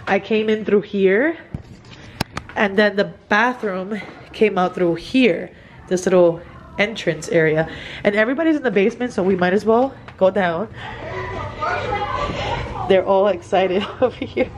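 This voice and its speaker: A woman, giving an excited, gushing house tour for her vlog, filmed on a phone indoors. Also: mid-range voice, unhurried, long pauses, a little hiss or hum. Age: 30s. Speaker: vlogger. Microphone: handheld phone camera.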